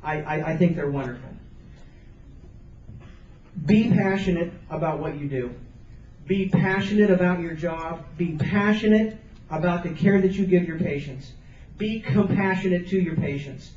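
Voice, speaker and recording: A man's voice: sits high, moderate pace, darkish tone, a little hiss or hum. A man giving an earnest, emphatic motivational speech to students, repeating phrases for stress. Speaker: motivational speaker. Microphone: camcorder from the audience. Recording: roomy, distant, dull camcorder sound.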